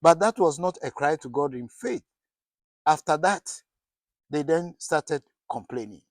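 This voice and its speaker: A middle-aged pastor delivers a sermon, posing questions to his listeners and frequently restarting his words. His fairly high-pitched voice has lively intonation and a measured pace, with no room sound.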